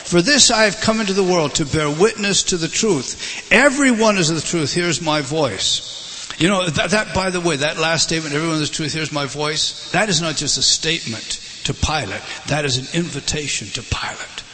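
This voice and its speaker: A man delivers a sermon with passionate swings from loud emphasis to low, quiet lines. His voice is bright and forceful, set a little high for a man. It rings with the long reverb of a large hall over a faint hum of room ambience. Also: normal speed. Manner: impassioned, swelling to loud emphasis then dropping low. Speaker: preacher.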